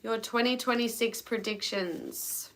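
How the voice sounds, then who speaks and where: A woman's voice: fairly high pitch, measured pace. A woman with an Australian accent doing a casual live tarot reading and chatting with viewers between cards. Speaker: tarot reader.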